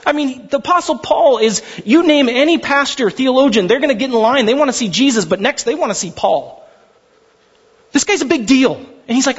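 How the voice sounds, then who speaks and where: A man's voice: very high voice, lively intonation, fairly quick, breathy edge, muffled recording. A male pastor delivering an impassioned, conversational sermon with emphatic delivery.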